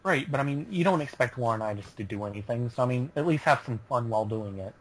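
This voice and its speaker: A man's voice: medium pitch, expressive, quick pace, low-quality recording. A man on a casual panel chat, laid-back, peppering his talk with "I mean".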